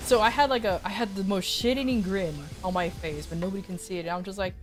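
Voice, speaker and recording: A woman streamer tells a casual story in a lively, swooping voice. She swears freely and acts out what others said. Soft music plays faintly underneath. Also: on the high side, brisk, long pauses. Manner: animated, profane, acts out quotes.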